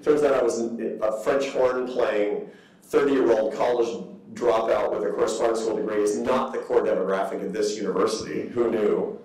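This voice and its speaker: A man in his fifties giving a public lecture, telling stories with lively asides and mock voices. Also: medium pitch. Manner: animated storytelling with asides. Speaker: guest speaker. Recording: echoey hall from far off.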